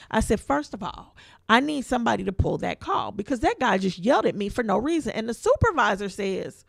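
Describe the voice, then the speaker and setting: Animated woman telling a story, slight vocal fry. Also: a little high, a little fast, dry recording, clean studio sound. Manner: animated storyteller who acts out quoted voices; informal, colloquial speech. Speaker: podcast co-host. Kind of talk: casual storytelling chat.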